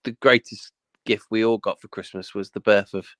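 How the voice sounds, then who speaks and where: A man's voice: on the low side, fairly even intonation, moderate pace, fairly bright tone, dry recording. A man co-hosting a podcast, joking and repeating himself emphatically in casual chat. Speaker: podcast co-host.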